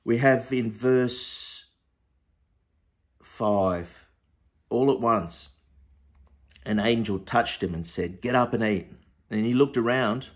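Man, somewhat low voice, informal Bible study, halting, conversational. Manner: conversational, hesitant with many fillers and restarts. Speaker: preacher.

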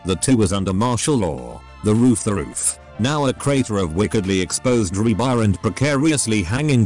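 A low-pitched synthetic male voice reads scripted story narration with a steady, machine-made delivery. Its pitch moves animatedly across sentences while faint music plays underneath. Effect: synthetic text-to-speech voice.

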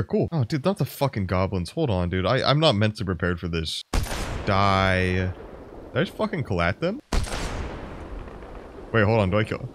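A young man doing game commentary, swearing all the time and swinging from low mutters to sudden loud yells. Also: very animated, moderate pace, noisy background. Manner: profane, jumps from mumbling to yelling. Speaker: gaming YouTuber.

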